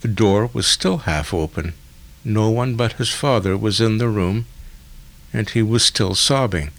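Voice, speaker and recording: Low-voiced guy reading a novel aloud, slow and deliberate. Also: creaky, fairly bright tone. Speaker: audiobook narrator. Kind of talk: scripted literary narration.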